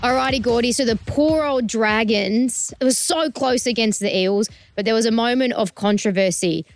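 A woman's voice: a little high, normal speed, slight background noise. A woman hosting a casual sports chat, upbeat and steering the talk with questions. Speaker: show host.

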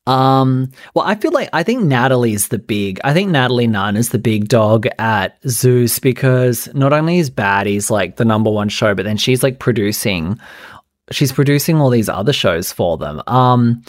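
A man's voice: medium pitch, expressive, moderate pace, dry recording. Chatty gossiping man, dry close sound. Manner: chatty, gossipy, lots of "like" fillers. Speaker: podcast host. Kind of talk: casual gossip chat.

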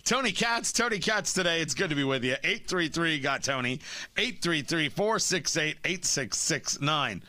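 Male talk radio host, animated and opinionated, tight dry studio sound. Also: on the high side, moderate pace, dry recording.

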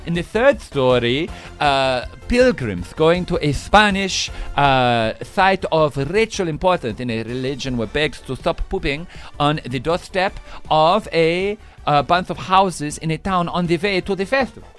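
A man's voice: a little high, expressive, measured pace, fairly bright tone, faint music behind. A man hosting a playful radio news quiz, teasing his co-hosts and laughing often. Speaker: radio show host.

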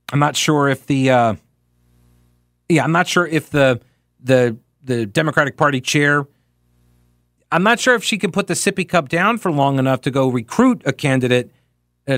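A man hosting a talk radio show. He reads out listener emails and answers them with a sarcastic, mocking edge. His voice sits a little high and sounds dry and close in the studio. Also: a bit bright, no room sound.

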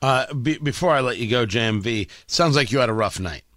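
A man's voice: medium pitch, lively intonation, brisk, fairly bright tone, no room sound, clean studio sound. A man hosting a sports radio show, bantering and joking with a guest.

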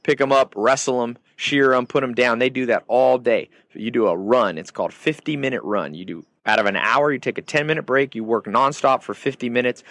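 A man's voice: mid-range voice, fairly quick, few pauses, fairly bright tone, no room sound. Emphatic man giving a motivational talk. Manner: emphatic, punchy, repeats key phrases. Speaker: podcast host. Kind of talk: motivational monologue.

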